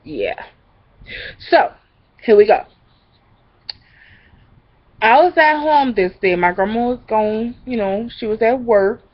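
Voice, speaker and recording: A young woman vlogger casually telling a story, acting out the people in it with lively voices. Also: on the high side, takes it slowly, pauses often, muffled recording. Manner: animated, acts out the people in the story.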